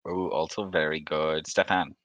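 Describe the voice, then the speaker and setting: A man running a tabletop game as game master, relaxed, laughing often and filling pauses with um. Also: extremely low pitch, no echo, muffled recording.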